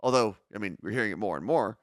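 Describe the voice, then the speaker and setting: A man's voice: lowish voice, expressive, quick pace, no echo, clean studio sound. A man with a Long Island New York accent co-hosting a live morning show, joking around and reading viewer messages aloud. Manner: joking, chatty, reads chat comments aloud.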